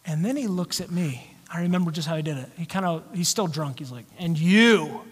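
A male pastor preaching a sermon with animated storytelling. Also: fairly high pitch, fast talker, husky. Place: church sanctuary. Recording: long church hall reverb.

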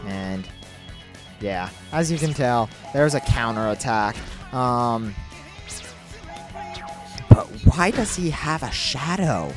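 Brief: young male let's-play host, excitable and self-mocking, hiccups, animated delivery. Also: mid-range voice, slow, pauses often, music in the background. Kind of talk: casual game commentary.

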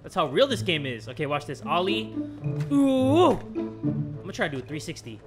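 A young man with a high, lively voice plays a skateboarding game and reacts loudly, swearing, laughing and shouting at every trick. His voice jumps sharply up and down from one moment to the next. Game music plays clearly behind him. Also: fairly quick. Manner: excitable, swearing, yelling and laughing. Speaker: gaming YouTuber. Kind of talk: let's play commentary.

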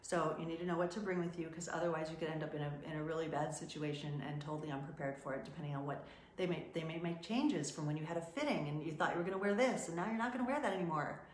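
Middle-aged woman agent teaching about runway, chatty, lowish voice, echoey room. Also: very fast, a little hiss or hum. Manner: chatty, animated, acts out quotes from clients. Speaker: modeling and talent agent. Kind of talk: casual teaching talk.

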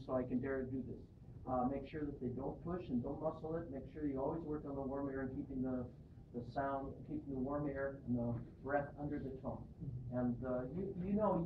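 A man coaching a chorus in an animated, encouraging way, his voice a little higher than most. He is heard from across an echoey hall on a tinny, hissy recording. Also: recorded from a distance. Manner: animated, encouraging, demonstrates vocal exercises. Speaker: singing judge. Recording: echoey room picked up from afar on a lo-fi, noisy device.

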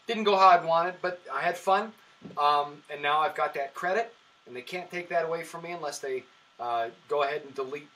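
A man's voice: fairly high pitch, a little fast, pushed and bright, low-quality recording. A man, a comedian, chatting casually on a podcast and telling rambling stories full of fillers and restarts. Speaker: comedian guest.

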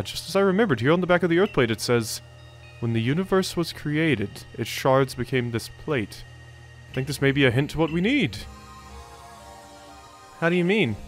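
A man voicing an eccentric, excitable older male professor from a video game, reading his lines in a raised, fussy voice. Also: fairly high pitch, pitched above the performer's own voice, lightly acted.

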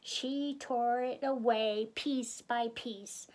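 A woman reads a children's picture book aloud in a cheerful, friendly way. Her voice is high and she takes her time with the words. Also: animated, slow. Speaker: storybook reader.

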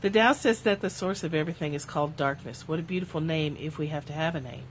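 The reading is slow and reflective: a woman livestreaming spiritual texts in an even, low voice. She sometimes drifts into casual, self-mocking remarks, and a faint hum in the background sounds like it comes from a phone.

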